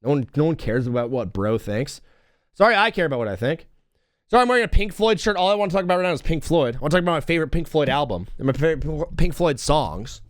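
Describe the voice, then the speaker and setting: A young man hosting a live radio talk show, his pitch leaping up and down as he rants. He sounds excitable and self-mocking and hops from topic to topic. The sound is close and dry, with no room echo. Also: quick pace.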